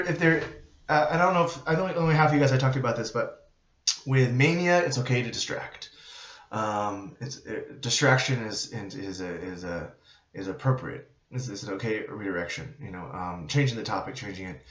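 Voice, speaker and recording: A man teaching students about nursing in a relaxed, conversational way. He uses frequent fillers and tag questions as he explains. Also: mid-range voice, moderate pace. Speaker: psychiatric nurse instructor. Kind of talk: informal lecture to students. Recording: roomy, dull lo-fi recording.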